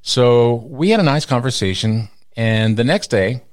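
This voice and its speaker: A middle-aged man from Texas, telling stories as an interview guest and acting out the people he quotes. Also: unhurried. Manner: animated storyteller who acts out quoted people with big pitch jumps. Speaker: radio personality, interview guest. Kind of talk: storytelling in an interview.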